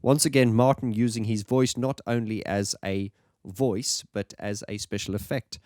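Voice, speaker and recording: A man's voice: on the low side, steady tone, moderate pace, darkish tone, dry recording, studio quality. A man reviewing an album in a casual, enthusiastic, rambling monologue.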